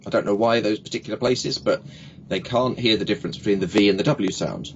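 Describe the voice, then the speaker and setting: A man's voice: fairly low pitch, quick pace, a little hiss or hum. A man, a speaking coach, telling jokey anecdotes in a casual interview and acting out little quoted exchanges. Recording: dull lo-fi recording.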